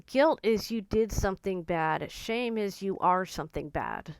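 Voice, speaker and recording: A woman vlogger talking in an earnest, gentle and confiding way about her own feelings. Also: mid-range voice, animated, unhurried, clear, resonant tone, dry recording. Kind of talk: personal reflective talk to camera.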